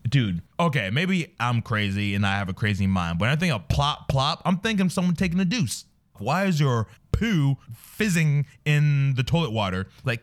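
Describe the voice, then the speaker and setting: Brief: male guest performer, animated rant, pitch leaps all over. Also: normal speed. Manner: exasperated, animated, voices quotes. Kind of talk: comedic rant and casual chat.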